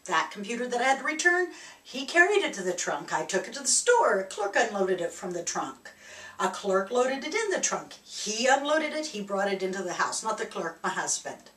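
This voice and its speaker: A woman shares a reflective personal story as a spiritual speaker. Her delivery is animated, with laughs along the way. Her mid-pitched voice sits back from the mic in a roomy, echoing space. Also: normal speed. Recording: echoey room, distant mic.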